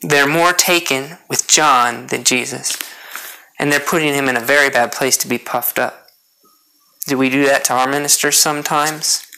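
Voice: medium pitch, steady tone, normal speed, pushed and bright, low-quality recording. A preacher delivering a sermon, earnest, repeating key points and putting rhetorical questions to the congregation.

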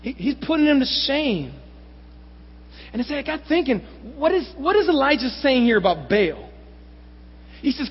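High-voiced husky man preaching. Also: moderate pace. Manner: animated, rhetorical questions, sarcastic asides. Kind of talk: sermon. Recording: dull lo-fi recording with long hall reverb.

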